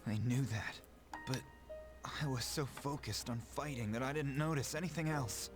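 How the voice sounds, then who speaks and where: An actor playing a stubborn young male student fighter mourning a lost friend, with a rough, emotional voice. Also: mid-range voice, normal speed, natural voice. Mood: grieving. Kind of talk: game voice acting. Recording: game audio with music behind.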